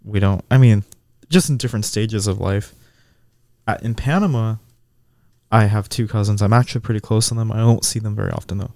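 Podcast co-host, man, dark mellow voice, dry close mic, thoughtful and easygoing. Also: lowish voice, fairly quick, no room sound. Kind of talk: casual podcast chat.

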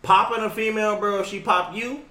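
A man's voice: sits high, steady tone, fairly quick, pushed and bright, roomy sound. A man co-hosting a podcast in casual reaction chat, laid-back and slangy, swearing often. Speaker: podcast co-host.

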